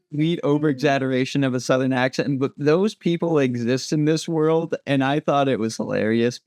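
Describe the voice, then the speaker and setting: Young male podcast guest, mid-pitched, dry close sound, hesitant, full of fillers. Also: lively intonation, normal speed, darkish tone, dry recording. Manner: hesitant, many fillers and restarts. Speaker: podcast co-host. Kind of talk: casual movie review chat.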